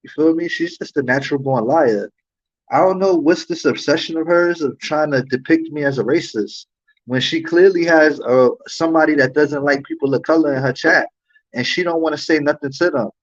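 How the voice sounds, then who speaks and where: This is livestream commentary from a male host who swears and fumes while repeating rhetorical questions. He speaks at a moderate speed in a fairly high register, captured in muffled, low-quality stream sound.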